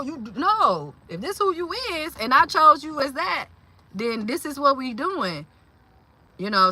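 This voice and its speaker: A woman's voice: fairly high pitch, pushed and bright. A woman in her forties hosting a casual livestream chat, talking loosely with lots of fillers and reading viewer comments aloud. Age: 40s. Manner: chatty, reads and answers viewer comments aloud; loose, slangy talk with many fillers. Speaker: livestream host.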